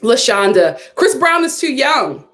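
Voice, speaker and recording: A young woman from Philadelphia hosting a live stream, reading viewer comments with sassy, animated chat and frequent laughter. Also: high-pitched, a little slow.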